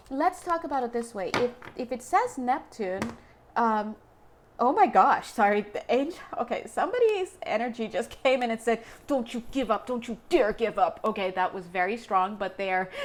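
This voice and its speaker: A young woman doing a casual tarot reading to camera, chatty and joking, laughing often. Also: fairly high pitch. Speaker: tarot reader.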